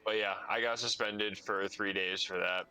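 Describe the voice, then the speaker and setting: Low, sharp-voiced young man. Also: fairly even intonation, moderate pace, clean tone, rough recording. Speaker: podcast co-host. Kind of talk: casual chat, storytelling.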